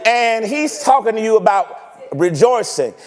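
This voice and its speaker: High-voiced preacher in an echoing church. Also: male voice, measured pace. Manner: animated, teasing preaching with rhetorical questions. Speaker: pastor. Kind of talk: sermon. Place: church sanctuary.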